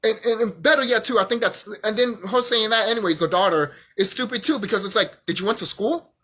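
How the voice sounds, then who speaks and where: A man's voice: high-pitched, fast talker, sharp tone. A young man vlogging a heated, profane rant, often repeating himself. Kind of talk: angry rant monologue.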